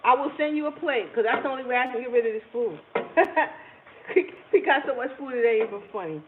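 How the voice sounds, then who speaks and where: A woman's voice: on the high side, animated, a little fast. A woman hosting a home cooking livestream, chatting with viewers, laughing often. She is recorded in her kitchen with faint background noise. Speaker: cooking channel host. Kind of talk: casual cooking livestream chat. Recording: tinny phone-like audio with faint noise.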